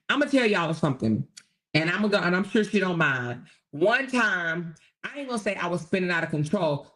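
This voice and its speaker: A woman hosting a livestream, ranting brashly and profanely to her chat and repeating lines for emphasis. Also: medium pitch. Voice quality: brash, profane, sassy delivery. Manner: talks straight to chat, repeats phrases for emphasis. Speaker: livestream host. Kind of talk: casual livestream rant.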